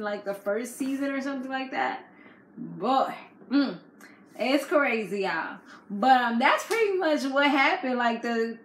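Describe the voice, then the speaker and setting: A woman giving a casual, animated recap of a reality TV episode in a slangy storytelling way. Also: on the high side, a little hiss or hum. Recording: echoey room.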